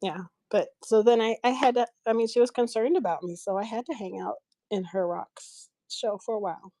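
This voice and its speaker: A woman's voice: on the high side, steady tone, a little fast, mellow, no echo. Middle-aged woman chatting on her craft livestream, laughs a lot, trips over words, dry close sound. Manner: chatty, laughs often, many restarts. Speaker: craft live-stream seller. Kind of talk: casual live-stream chat while crafting.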